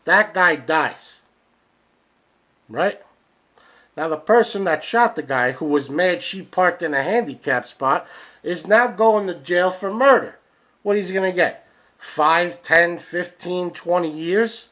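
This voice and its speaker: A man rants through strange news stories on a comedy podcast, his bright, slightly high voice full of disbelief. He swears freely and sometimes shouts as he acts out the people involved. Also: expressive, slow pace, poor audio. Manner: incredulous, ranting, profane. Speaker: podcast host. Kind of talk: comedic rant.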